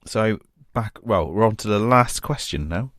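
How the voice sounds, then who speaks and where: A male podcast co-host with a fairly low, expressive, slightly bright voice speaks at a moderate pace in clean studio sound with no room echo. Easygoing and casual, he reads out listener questions and calls the other person "mate".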